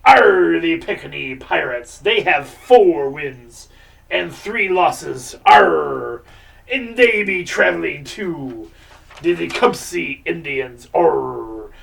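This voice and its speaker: A man doing a gruff male pirate voice, growling "arr" between lines, with a gravelly tone, recorded from some distance. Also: fairly high pitch, animated, slow, a bit bright, exaggerated voice.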